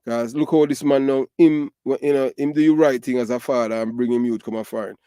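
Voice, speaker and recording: A man's voice: medium pitch, fairly even intonation, brisk, dark tone, clear, resonant tone, no echo, clean studio sound. A middle-aged man from Jamaica with a Jamaican Patois accent, giving emphatic, repetitive commentary full of fillers. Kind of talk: casual ranting commentary.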